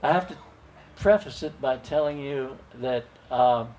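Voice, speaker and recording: An older man telling a personal story at an open mic, gentle and folksy, chuckling now and then. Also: medium pitch, a little slow, slight background noise.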